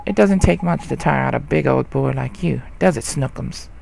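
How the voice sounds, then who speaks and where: A man's voice: medium pitch, moderate pace, gravelly, darkish tone, slight background noise. A man voicing a fussy older woman in a game, cooing and doting as she talks.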